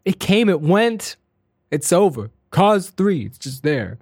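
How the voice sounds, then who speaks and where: A man's voice: sits high, sing-song, takes it slowly, darkish tone, slightly rough, no echo, clean studio sound. A man co-hosting a casual podcast chat, playful and laughing often, often trailing off and restarting. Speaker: podcast co-host.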